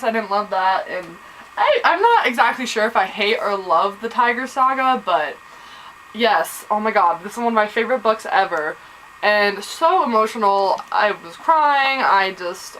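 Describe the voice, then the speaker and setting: Young woman book vlogger, excitable and gushing, bright and slightly high voice, faint background noise. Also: rough recording. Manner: gushing, excitable, full of exclamations. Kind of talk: casual chat to camera.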